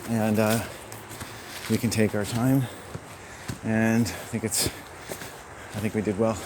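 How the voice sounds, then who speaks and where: A man rambling to himself in a solo vlog while out hiking, musing and swinging between quiet and loud. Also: fairly low pitch, little pitch movement, takes it slowly, background noise. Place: outdoors on a hiking trail.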